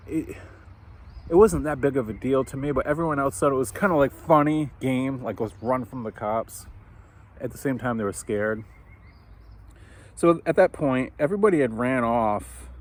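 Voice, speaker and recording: A man casually telling a personal story over coffee, animated and swearing, acting out the voices of people he quotes. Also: mid-range voice.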